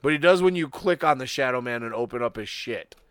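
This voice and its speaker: A man co-hosting a casual fight-sports podcast, joking and swearing freely in relaxed banter. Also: mid-range voice, quick pace, clean tone, no echo. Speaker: podcast co-host. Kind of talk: casual chat.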